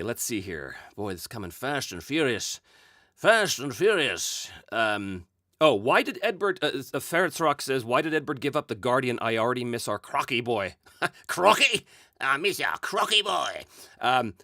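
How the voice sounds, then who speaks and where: Animated man reading viewer comments. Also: medium pitch, moderate pace, dry recording, studio quality. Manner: animated, chuckling often, many fillers. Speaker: solo RPG show host answering chat.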